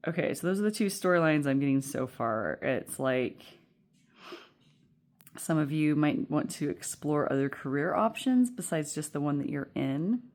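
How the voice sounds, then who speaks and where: A woman's voice: sits low, lively intonation, normal speed, darkish tone. A woman giving a casual pick-a-card tarot reading, rambling and chatty with many fillers and frequent laughter.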